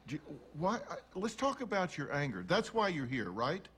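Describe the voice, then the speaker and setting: A man's voice: a little high, wildly swooping pitch, moderate pace, fairly bright tone. An actor playing an exasperated male therapist who keeps asking questions in a film comedy scene. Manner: patient at first, growing exasperated, pleading questions.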